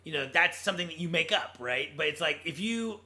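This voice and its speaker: A man's voice: fairly high pitch, animated, a little fast, sharp tone. A man co-hosting a podcast, talking through his ideas about films in a rambling way and restarting his sentences often. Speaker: podcast co-host. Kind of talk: casual movie discussion.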